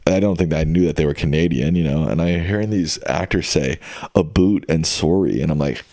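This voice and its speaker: A man's voice: a bass voice, fast talker, dark tone, no room sound, studio quality. A young adult man streaming and chatting casually with viewers in a rambling, laid-back way. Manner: rambling, laid-back, lots of fillers and restarts. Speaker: livestreamer. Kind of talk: casual chat.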